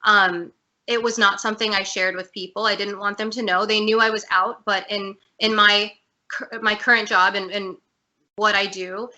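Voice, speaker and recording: A woman speaks as a guest over a video call, her voice bright and clear. She talks openly and earnestly about her own life, at a mid pitch for a woman. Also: little pitch movement, normal speed, lo-fi sound. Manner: earnest, candid, emotional at times. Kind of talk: personal story in an interview.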